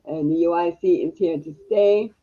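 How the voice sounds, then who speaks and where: A woman's voice: fairly low pitch, normal speed, narrow, tinny audio. A woman co-hosting a livestream, explaining things to viewers in a reassuring, casual way. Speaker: livestream co-host. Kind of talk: casual chat.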